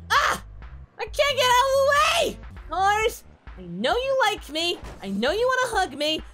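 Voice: very high-pitched, sharp tone, exaggerated voice. A performer voicing Goku, a cheerful, dim-witted adult martial-arts hero, giving childlike, whooping commentary on a game and referring to himself in the third person. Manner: giddy, childlike, shrieks and whoops. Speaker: let's play commentator in character. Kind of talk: comedic parody game commentary.

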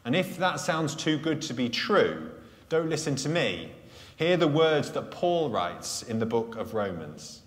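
A man preaching a live sermon at a Sunday church gathering, earnest, letting key phrases fall soft and low. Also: big pitch swings. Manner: earnest, slows and drops softly on key phrases. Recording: echoey church hall sound.

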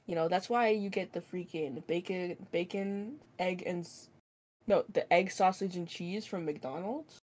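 A woman's voice: on the low side, a little slow, darkish tone. A woman chatting casually with a friend, rambling and filling her talk with "like". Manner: rambling, heavy use of "like" fillers. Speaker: friend of the streamer. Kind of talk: casual chat.

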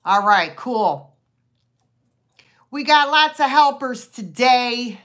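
Greeting viewers by name as she hosts a live online sale, a middle-aged woman chats in a loose, rambling way, full of fillers and warm hellos. She takes her time, speaking in a fairly high voice with lively intonation.

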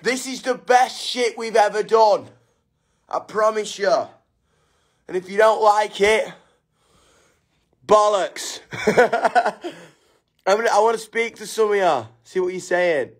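A young man with a British English accent, hosting a casual livestream chat from a hotel room on his phone, energetic, excitable and sweary. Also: sits high, moderate pace.

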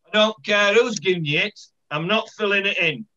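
A man's voice: high-pitched, moderate pace, bright, forceful tone, voice pushed up. A man doing a blunt housewife. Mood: defiant. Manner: blunt, stubborn. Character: defiant working-class Yorkshire housewife. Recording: dull lo-fi call audio.

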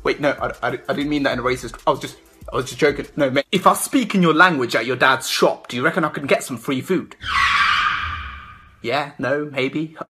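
A young man in comedy sketches, talking in a cheeky, animated, excitable way. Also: mid-range voice, fairly quick.

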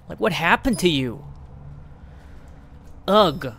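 Sarcastic, lively gaming commentator. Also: mid-range voice, moderate pace, pauses often, soft background music. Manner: sarcastic, swears freely, yells at the game characters. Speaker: let's play commentator.

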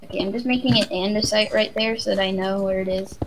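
A woman's voice: medium pitch, steady tone, quick pace, a little hiss or hum, low-quality recording. Chatty joking young woman gamer. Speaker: let's play co-host. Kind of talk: casual gaming chat.

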